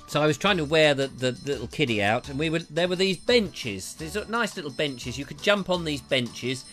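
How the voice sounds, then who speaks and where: A man's voice: fairly high pitch, animated, moderate pace, fairly bright tone, faint music behind. A man from hosting a live show, rambling in a chatty, self-mocking way with a slightly dry throat. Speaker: show host. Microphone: lapel mic.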